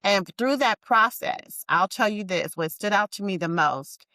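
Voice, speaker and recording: A woman entrepreneur, a guest on an interview, telling her story in an emphatic, animated way and calling listeners y'all. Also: medium pitch, a little slow, dry recording.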